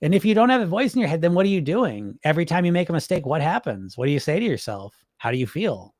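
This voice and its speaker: High-voiced, emphatic man talking to camera. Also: sing-song, quick pace, darkish tone, no room sound, studio quality. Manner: conversational, emphatic, frequent "right?" and "folks". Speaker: hypnotist and weight-loss coach. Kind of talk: casual direct-to-camera talk.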